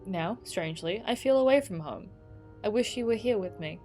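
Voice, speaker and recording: A woman's voice: mid-range voice, expressive, moderate pace, mellow, faint music behind, natural voice. A woman reading aloud the love letters of a young woman from the 1940s, in a tender, then resigned, manner. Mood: longing.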